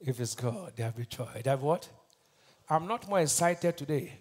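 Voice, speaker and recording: A Nigerian pastor preaching a sermon, asking the congregation to finish his lines and swinging between shouted bursts and quiet asides. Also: fairly high pitch, animated, normal speed, slightly rough. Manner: call-and-response preaching, asks the crowd to finish his lines.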